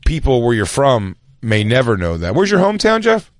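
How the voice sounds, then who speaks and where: A man's voice: mid-range voice, wildly swooping pitch, brisk, no echo, clean studio sound. A man hosting a podcast, joking around, laughing often, and reading a movie plug. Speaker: podcast host. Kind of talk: casual chat.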